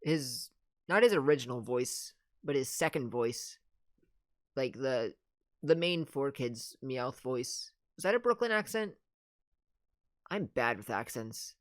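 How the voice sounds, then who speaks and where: A woman's voice: rumbling low, lively intonation, slow pace, pauses often, dry recording, clean studio sound. A woman in casual game commentary, making chatty, rambling asides while she plays. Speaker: let's play gamer.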